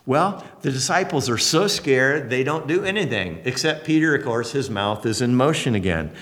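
Animated folksy preacher in a reverberant hall. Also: male voice, medium pitch, moderate pace. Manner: animated, folksy and conversational, leaps up for exclamations. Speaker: pastor. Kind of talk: sermon.

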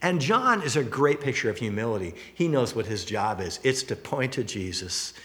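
A man's voice: mid-range voice, moderate pace. A middle-aged male pastor preaching a sermon, telling stories with humorous asides. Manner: animated storytelling with humorous asides.

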